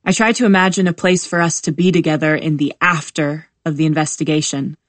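A woman narrating a first-person novel as an audiobook, in a measured, calm reading voice. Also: deep voice, dry recording.

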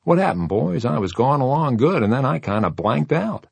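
A man's voice: mid-range voice, very animated, normal speed, gravelly, husky, dry recording, pitched above the performer's own voice, full character voice. A man voicing the imagined thoughts of a bewildered big male dog, folksy and puzzled.

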